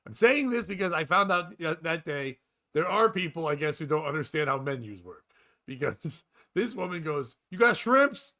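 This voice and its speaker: A man's voice: fairly high pitch, animated, normal speed, pushed and bright. A man hosting a casual podcast, telling a rambling story with swearing and frequent laughter. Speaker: podcast host.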